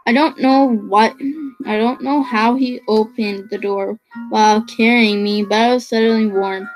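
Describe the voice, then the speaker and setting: Casual reader: a woman with a raised pitch who trips over words while reading a novel aloud. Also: fairly even intonation, unhurried, faint music behind, low-quality recording. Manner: stumbling over words, restarting phrases.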